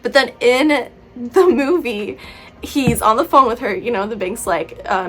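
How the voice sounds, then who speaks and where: Young woman rambling about books n movies, kinda high voice, soft music underneath. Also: moderate pace. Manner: chatty, filler-heavy, playfully opinionated. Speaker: YouTuber reviewing books and films. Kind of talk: casual chat to camera.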